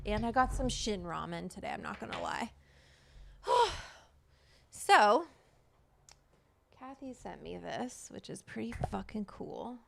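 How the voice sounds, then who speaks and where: A woman's voice: mid-range voice, big pitch swings, slow, creaky, long pauses, fairly bright tone, slight background noise. A woman hosting a livestream, chatting casually, greeting viewers by name and swearing freely. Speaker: livestream host.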